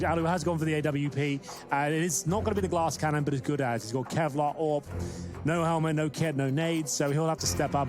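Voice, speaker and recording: A man giving easygoing analysis of a live esports match, thinking aloud. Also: a little high. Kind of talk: analytical commentary.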